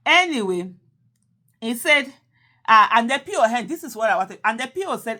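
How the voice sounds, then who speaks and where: A woman's voice: fairly high pitch, big pitch swings, moderate pace, long pauses, sharp tone. A woman with a Nigerian accent, talking casually and animatedly, repeating phrases and slipping into Pidgin. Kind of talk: casual monologue.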